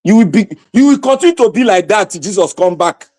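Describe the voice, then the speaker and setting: A man's voice: high voice, expressive, fast, darkish tone. A Nigerian man hosting impassioned political commentary, preaching and exhorting his viewers with a fiery, repetitive delivery.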